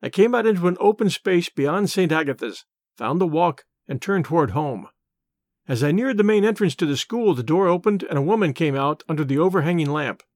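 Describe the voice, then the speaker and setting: A man reads a classic novel aloud in the first person, calm and measured. His voice sits a bit higher than most men's. The recording is close and dry, with no room sound. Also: dry recording. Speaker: audiobook reader. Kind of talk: scripted narration.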